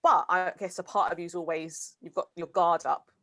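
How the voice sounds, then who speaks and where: Low-voiced British woman, hesitant. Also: steady tone, moderate pace, fairly bright tone, no echo. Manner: hesitant, full of "sort of" and "kind of". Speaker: co-host. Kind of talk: casual discussion.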